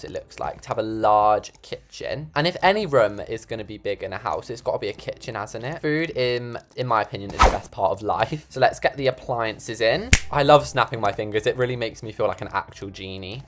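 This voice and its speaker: Bubbly British gaming YouTuber, lively pitch. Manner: chatty, bubbly, talks to viewers. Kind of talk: casual building-game commentary. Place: home recording room.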